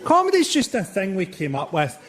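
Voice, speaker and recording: High-voiced man doing biting stand-up. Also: a little fast. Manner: deadpan, biting delivery. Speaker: stand-up comedian. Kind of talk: stand-up routine. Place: theatre stage with audience. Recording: live show with loud audience laughter.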